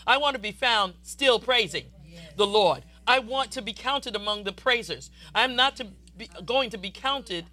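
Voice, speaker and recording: A woman preacher delivering a fervent, exuberant sermon that swells into loud declarations. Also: fairly high pitch, normal speed.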